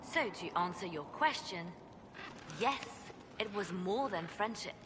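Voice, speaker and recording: A woman voicing a composed female spymaster in a video game, speaking in a calm, measured, quietly intense way. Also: mid-range voice, lightly acted. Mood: reflective. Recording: game audio with ambient noise.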